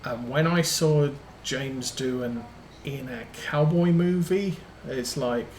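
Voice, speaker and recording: Man, game streamer, slow meandering chat, lots of ums, echoey room. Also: mid-range voice, darkish tone, slight background noise. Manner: rambling anecdotes with many ums. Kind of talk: casual chat while playing a farming game. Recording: roomy echo.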